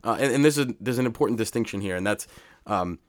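A man hosting a podcast, introducing a segment with many pauses and restarts. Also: lowish voice, dry recording, clean studio sound. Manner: hesitant, many ums and restarts. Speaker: podcast host. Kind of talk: casual podcast talk.

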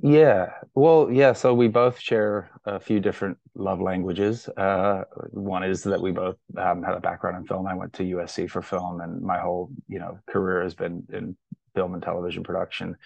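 A man with a mixed international, semi-American accent who grew up between India and Ireland, chatting in a relaxed, rambling way as a podcast guest. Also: low voice, moderate pace, creaky, no room sound, dull audio. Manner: relaxed, rambling, many fillers. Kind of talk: casual interview chat.

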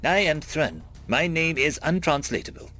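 A man voicing a stiff, flat alien envoy. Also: a little high, moderate pace. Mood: formal. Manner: formal, stiff, little inflection. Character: tall insectoid alien speaking through a flat translator.

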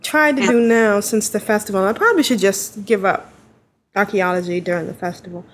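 A woman's voice: medium pitch, fairly quick, a little hiss or hum. A woman co-hosting a casual gaming podcast, chatty and giggly, wandering through her story. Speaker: podcast co-host.

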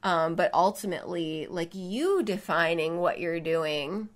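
Female artist co-host with a lowish voice, thoughtful and conversational. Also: unhurried. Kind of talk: casual podcast chat.

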